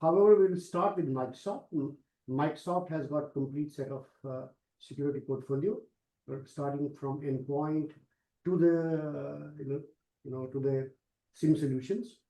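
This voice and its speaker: A man's voice: a little high, fairly even intonation, moderate pace, warm tone. Hesitant man in an echoey room. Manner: hesitant, repeating words. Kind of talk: investor call answers.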